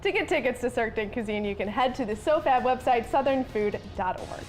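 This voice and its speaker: A woman's voice: fairly high pitch, animated, fairly quick, faint music behind. A woman hosting a morning TV show, chatty and encouraging with her guests. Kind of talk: morning TV chat.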